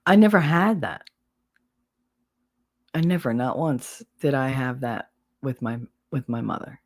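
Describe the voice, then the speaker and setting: A woman's voice: rumbling low, expressive, unhurried, darkish tone. A middle-aged woman hosting a livestream, chatting casually and bluntly, rambling from one story to the next. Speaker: livestream host. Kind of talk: casual chat.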